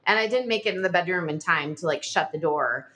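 A woman's voice: lowish voice, brisk. A middle-aged woman, a podcast guest, telling a personal story in an interview, full of "like" and acting out past conversations. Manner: animated, frequent filler "like", reenacts dialogue.

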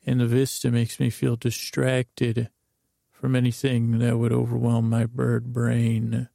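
A man voicing a smug male bird who used to be a grass salesman, in a mild drawling monotone. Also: medium pitch, measured pace, gravelly, no echo, clean studio sound. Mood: smug calm.

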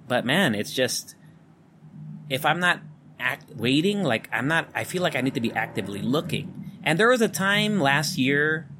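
A man's voice: mid-range voice, background noise. A man with a neutral American accent hosting a solo podcast from his home, talking candidly and loosely, swearing freely. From Philippines. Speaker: podcast host. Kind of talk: casual solo podcast monologue. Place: home room with electric fan running. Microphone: studio condenser mic.

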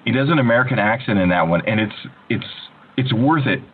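A man in casual interview chat, an animated storyteller who often restarts his sentences. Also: mid-range voice, brisk, husky. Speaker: voice actor guest. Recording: tinny phone-like line with faint hiss.

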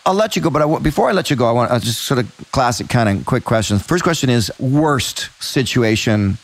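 A man hosting an interview, chatty and quick to jump into his own stories. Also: medium pitch, lively intonation. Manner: chatty, jumps into anecdotes. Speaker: interview host. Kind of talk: casual interview chat. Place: by Georgian Bay during a thunderstorm.

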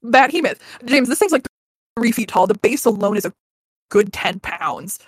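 A woman in her thirties speaks at a middle pitch, earnest and candid, swearing freely and often starting a sentence over. The sound is close and dry, with no room around it. She talks casually, as a podcast guest. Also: lively intonation, moderate pace, a little mellow, slightly rough, dry recording. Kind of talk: casual personal storytelling.

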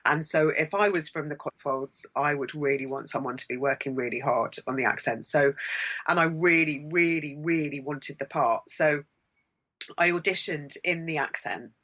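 An actor with a London accent, chatting as an interview guest in a lively, emphatic way, repeating words for stress. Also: mid-range voice, moderate pace, lo-fi sound. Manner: animated, emphatic repetitions. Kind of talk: casual interview chat.

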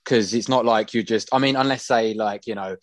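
A man's voice: fairly low pitch, a little fast, no room sound. A man co-hosting a casual podcast, joking, swearing and laughing with friends. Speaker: podcast co-host. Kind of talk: casual banter.

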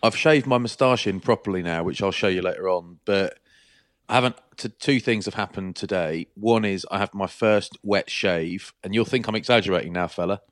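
A middle-aged man, chatting casually as a podcast co-host and telling animated stories. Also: low voice, normal speed, no echo, studio quality. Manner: chatty storyteller, animated anecdotes. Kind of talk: casual chat.

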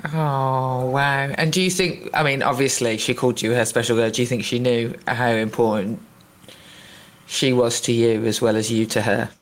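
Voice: mid-range voice, little pitch movement, moderate pace. Musing podcast host. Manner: musing, rambling, warmly appreciative. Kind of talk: reflective interview conversation.

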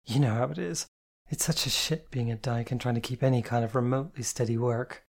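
Reader plays weary motherly woman, low-key, blunt and sweary. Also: fairly even intonation, brisk, close to an everyday voice. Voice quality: sighing, blunt. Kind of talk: audiobook character voice.

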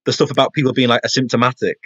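A man's voice: mid-range voice, little pitch movement, very fast, a bit bright, dry recording, muffled recording. A man, a guest on a podcast, talking casually and chattily and laughing now and then. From England. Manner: chatty, laughs often, says mate.

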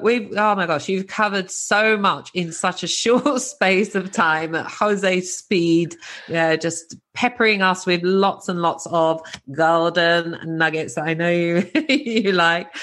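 A woman's voice: lowish voice, unhurried, fairly bright tone. A British woman hosting a podcast interview, bubbly and enthusiastic, laughing easily. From Britain. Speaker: podcast host.

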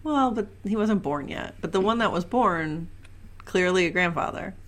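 A woman in her forties co-hosting a casual podcast, chatty and quick to giggle. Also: fairly low pitch, animated. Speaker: podcast co-host. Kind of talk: casual rewatch podcast chat.

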